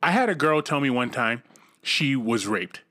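A man's voice: mid-range voice, animated, moderate pace, pushed and bright. A man co-hosting a casual podcast, reading a listener email aloud and joking crudely with his partner. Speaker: podcast co-host. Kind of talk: casual chat.

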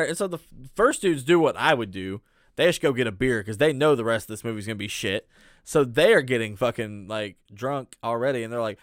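A young male podcast co-host casually riffs on a bad movie in an expressive mid-range voice, fairly quick, with studio-quality sound and no echo. He swears a lot, laughs often, and acts out the characters in mocking voices.

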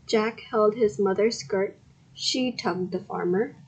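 A woman hosting a podcast reads a children's story aloud carefully, with loud animal noises and shouts for the characters. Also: medium pitch, breathy edge, rough recording. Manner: slow, careful reading with bursts of loud sound effects. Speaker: podcast host and story reader.

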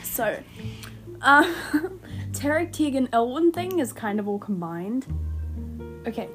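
An excitable young woman hosts her own fan-theory podcast off the cuff, rambling from thought to thought and rushing her words when excited. Her voice sits a little high, and music plays clearly behind her the whole time. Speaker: podcast host.

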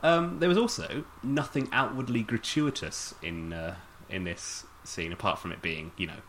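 A man's voice: fairly low pitch, moderate pace, fairly bright tone, slight background noise. A man hosting a podcast, recapping a film plot in a sweary, dry-humoured way. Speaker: podcast host. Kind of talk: casual film recap chat.

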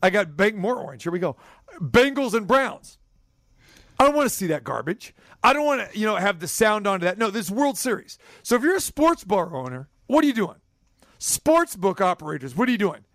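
A middle-aged man hosting a sports radio show, telling a rambling story with animated swings between high and low. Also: brisk, dry recording, studio quality. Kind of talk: casual sports talk chat.

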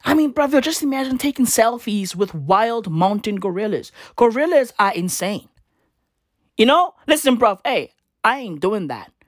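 A woman's voice: a little high, big pitch swings, moderate pace, no room sound, studio quality. A woman from Africa doing a comedic rant to camera, profane and slangy, hammering her points with repetition. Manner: profane, slangy, emphatic, repeats lines for effect. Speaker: comedic commentator.

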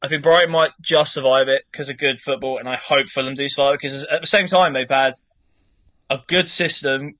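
A man's voice: medium pitch, steady tone, a little fast, pushed and bright, no room sound. A young man co-hosting a casual football chat, rambling and swearing freely. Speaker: podcast co-host.

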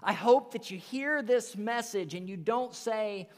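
High-voiced guy preaching a slow sunday sermon in a church, big hall echo, gets loud then drops to a whisper. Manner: earnest preaching, rises and drops to near whisper. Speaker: pastor. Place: church sanctuary.

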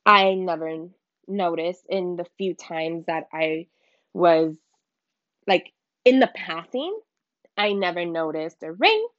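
A woman's voice: mid-range voice, fairly bright tone, no echo. A woman giving a candid, emotional personal faith testimony in informal, slangy speech. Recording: dull lo-fi dry recording.

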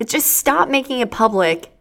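A woman's voice: high voice, lively intonation, normal speed, creaky, a bit bright. A young adult woman co-hosting a podcast, talking bluntly and sarcastically and laughing often. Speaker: podcast co-host. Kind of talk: casual banter.

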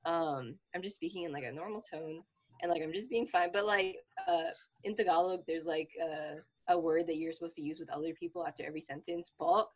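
A young woman in casual chat, telling stories in an expressive, exasperated way. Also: deep voice, brisk. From Filipino family.

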